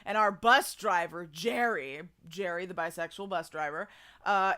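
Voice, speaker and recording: A woman's voice: lowish voice, normal speed, bright, forceful tone. A young adult woman chatting casually to her stream audience, rambling with many fillers and restarts. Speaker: streamer hosting a karaoke stream.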